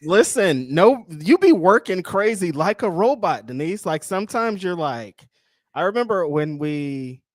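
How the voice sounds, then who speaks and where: A man's voice: sits high, lively intonation, unhurried, no room sound, studio quality. A man co-hosting a wrestling watchalong livestream, trading teasing, playful banter in casual chat.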